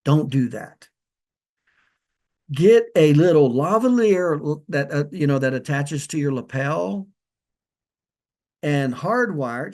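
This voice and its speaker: A man's voice: mid-range voice, a little mellow. A man who is a practice consultant, giving loose spoken training with direct instructions and frequent restarts. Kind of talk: casual spoken training video. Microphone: holds a lavalier like a handheld mic.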